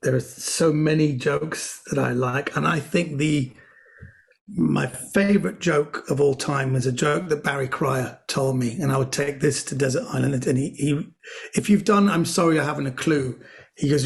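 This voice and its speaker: A middle-aged man, a comedian guest, chatting casually and telling jokes with animated delivery and quick character voices. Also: on the high side, vocal fry. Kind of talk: casual storytelling chat.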